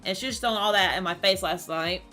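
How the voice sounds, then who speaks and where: Upset woman with a bright voice. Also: medium pitch, a little fast, soft background music. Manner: rambling, repeats words, talks straight to her chat. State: upset, close to tears. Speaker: streamer. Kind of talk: casual talk to camera.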